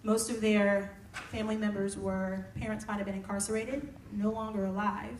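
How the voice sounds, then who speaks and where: A woman who works as a music therapist, speaking softly and casually to campers between songs. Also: medium pitch, flat delivery, moderate pace, slight background noise. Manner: soft-spoken, conversational, with y'all. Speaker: singer-songwriter and music therapist. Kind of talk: casual talk to campers and live singing. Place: camp room, live performance. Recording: roomy, distant mic, with loud guitar. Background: guitar playing.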